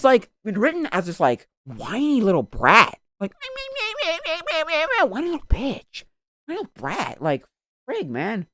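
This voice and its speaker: A woman streamer chatting casually, animated and ranting, her voice swinging lively up and down. She keeps up a stream of slang and fillers. The sound is close and dry. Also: fairly low pitch, no echo. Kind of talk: casual chat.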